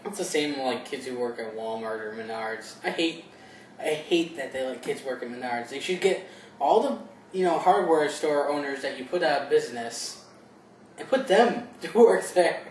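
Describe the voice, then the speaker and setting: A man's voice: mid-range voice, animated, moderate pace. A young man co-hosting a casual chat, joking, swearing and laughing often. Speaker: co-host. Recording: echoey room, distant mic, faint noise.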